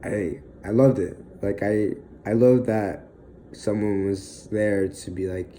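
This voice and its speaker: Young man, low dark voice, halting. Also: steady tone, slight background noise, poor audio. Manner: halting, with frequent fillers and sighs. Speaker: vlogger. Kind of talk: emotional personal monologue.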